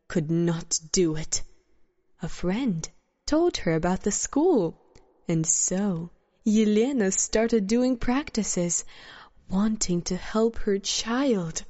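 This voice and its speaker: A woman telling a story in scripted narration, slow, measured and softly earnest. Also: mid-range voice, no room sound. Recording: dull, dry recording.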